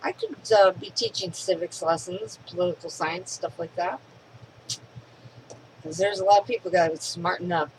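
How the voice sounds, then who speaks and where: A woman's voice: on the low side, normal speed, slight background noise, low-quality recording. Chatty woman in her fifties. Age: 50s. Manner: chatty, rambling, opinionated. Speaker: vlogger. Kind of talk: casual talk to camera.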